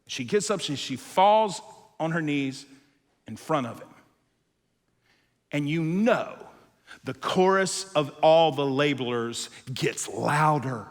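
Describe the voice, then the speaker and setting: A male pastor preaching a sermon, telling a story with animated acted-out voices and dropping to quiet, intense moments. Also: fairly high pitch, slow pace, pauses often, long reverb tail. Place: church auditorium.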